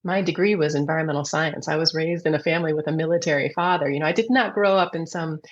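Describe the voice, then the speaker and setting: A middle-aged woman, a reiki teacher and psychic medium, telling stories in an earnest, animated interview manner. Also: low-pitched, quick pace. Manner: animated, earnest storytelling with restarts. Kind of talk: conversational interview. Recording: muffled lo-fi audio.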